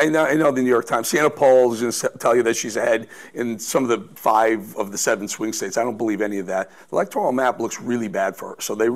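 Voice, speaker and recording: A man giving political commentary as a guest, emphatic, with stammering restarts. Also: mid-range voice.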